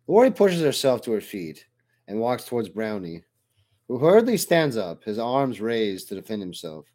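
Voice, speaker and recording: A man narrating a first-person audiobook in a steady, even storytelling manner. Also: lowish voice, normal speed.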